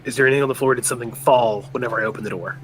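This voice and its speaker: A man's voice: mid-range voice, racing, husky, poor audio. A man playing a tabletop game, thinking aloud and restarting as he describes his actions. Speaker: player.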